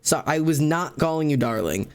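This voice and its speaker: Rambling jokey young streamer, higher voice. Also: male voice, animated, normal speed, smooth. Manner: rambling, jokey, chats with viewers and cats. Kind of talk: casual live-stream chat.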